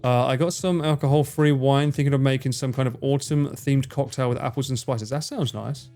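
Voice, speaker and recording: A man's voice: medium pitch, fairly even intonation, brisk, mellow, soft background music. A man chatting casually on a livestream, reading chat, swearing freely and bantering with a teasing tone.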